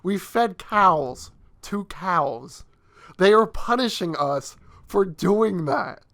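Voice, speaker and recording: A man's voice: sits high, expressive, takes it slowly, creaky, fairly bright tone. A young man co-hosting a casual podcast, rambling and insisting on odd theories. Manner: rambling, insistent conspiracy rant. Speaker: podcast co-host. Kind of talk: casual chat.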